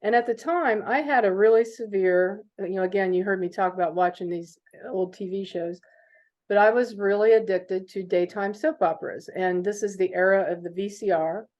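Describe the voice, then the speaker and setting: Brief: middle-aged woman interviewee, lively storyteller, mid pitch, muffled lo-fi audio. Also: moderate pace. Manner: animated storyteller, chatty with fillers. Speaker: business owner guest. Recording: dull lo-fi recording.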